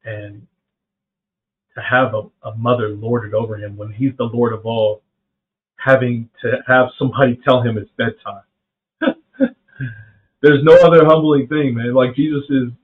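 A middle-aged man from South Carolina hosting a faith podcast, talking casually and earnestly, often saying "man" and restarting his sentences. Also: mid-range voice. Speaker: podcast host. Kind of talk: reflective faith talk. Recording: phone-like narrow band.

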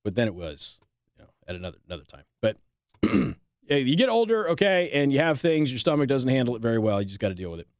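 A man's voice: mid-range voice, very animated, fast talker, no room sound. A man hosting a talk radio show in a studio, delivering a sarcastic, opinionated monologue and laughing at his own jokes.

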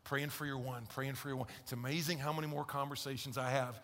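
A male pastor preaching a conversational, emphatic sermon in a large church, swinging from loud to hushed. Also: mid-range voice, steady tone, fast. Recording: long hall reverb in a church.

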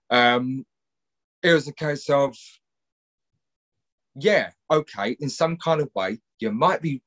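A man's voice: medium pitch, a bit bright, slightly rough. A man, a mental health counsellor, speaking as a guest in a candid podcast conversation, rambling and swearing freely.

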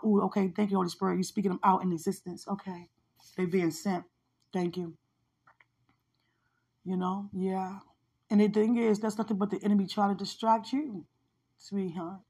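A woman's voice: mid-range voice, slightly rough. A woman minister sharing a personal spiritual testimony in a heartfelt, conversational way, often repeating phrases for emphasis.

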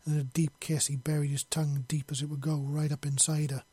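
Here the storyteller races through his own fantasy fiction, husky and warm, his fairly high voice kept flat. It's a rough reading with mistakes and self-corrections, captured dry.

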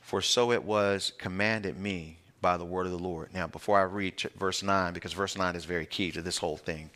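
A man's voice: low-pitched, fairly even intonation, a little fast, a bit bright. A male pastor, teaching a verse-by-verse Bible sermon in a conversational, emphatic way and using plain everyday words.

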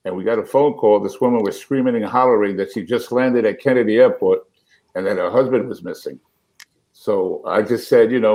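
A man's voice: on the low side, fairly quick, poor audio. A middle-aged man, a comedian, telling a story in an interview and acting out the voices he quotes. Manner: animated, acts out quotes. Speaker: comedian guest. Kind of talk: storytelling anecdote.

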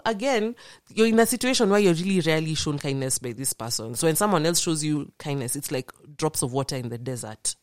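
A young woman tells her story as a podcast guest, earnest and animated, acting out the voices she quotes. Her voice sits low, and the recording is dry and close. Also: brisk, few pauses, no echo. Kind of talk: personal storytelling in a podcast conversation.

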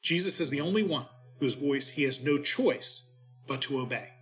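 Male clergyman, mid-pitched, unhurried reverent delivery for daily readings and a short homily. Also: animated, a bit bright, poor audio. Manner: measured, reverent reading cadence.

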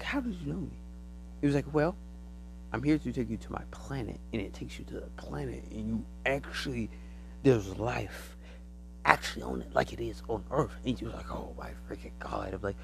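A man's voice: medium pitch, sing-song, fairly quick, vocal fry, a little hiss or hum, poor audio. A man hosting his own podcast, telling a loose story in casual slang. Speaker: podcast host. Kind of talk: casual solo monologue.

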